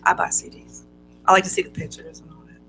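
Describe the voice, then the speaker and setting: A woman with a raspy voice, a singer-songwriter chatting easygoing as a guest in a radio studio. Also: fast, a bit bright, faint music behind. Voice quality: raspy low voice. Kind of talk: casual radio interview chat.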